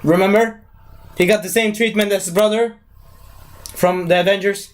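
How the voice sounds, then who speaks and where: A young man giving a casual live movie review, rambling and excitable, with lots of fillers and broken grammar. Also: high voice, moderate pace.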